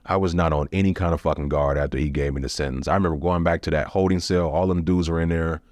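A man's voice: rumbling low, steady tone, fast, a little mellow, no echo, clean studio sound. A man telling his own story as a podcast guest, blunt and profane, with emotional swings. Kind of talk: candid personal storytelling.

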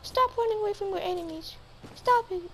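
A woman putting on a squeaky, sing-song high voice to taunt a friend over game voice chat. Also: fairly quick, a loud crowd. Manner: teasing, taunting, repetitive.

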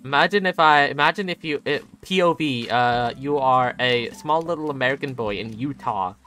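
A man's voice: medium pitch, moderate pace, pushed and bright, soft background music. A young man streaming a game, rambling and joking casually with chat and laughing often. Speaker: gaming streamer.

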